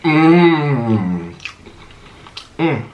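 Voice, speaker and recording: A young man chatting casually on his vlog while eating spicy food, his mouth burning, clearing his throat often and rambling through viewer questions. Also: fairly high pitch, very animated, very slow, a little hiss or hum, low-quality recording. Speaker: vlogger.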